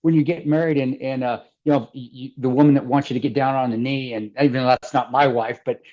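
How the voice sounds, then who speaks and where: A man's voice: medium pitch, fairly even intonation, quick pace, muffled recording. A middle-aged man from the American Midwest, telling a story as an interview guest, rambling with restarts and laughter. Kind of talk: casual storytelling.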